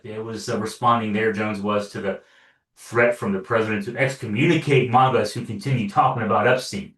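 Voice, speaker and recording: A man's voice: lowish voice, moderate pace, a bit bright. A man giving sarcastic, loose political commentary with many fillers and restarts, recorded from a distance in an echoey room. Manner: sarcastic, wry asides. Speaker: online news commentator. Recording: roomy echo, distant from mic.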